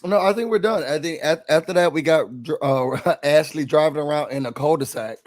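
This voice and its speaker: A man co-hosting a casual TV recap show, animated, acting out quotes in a raised voice. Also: on the high side, fairly quick, a little hiss or hum.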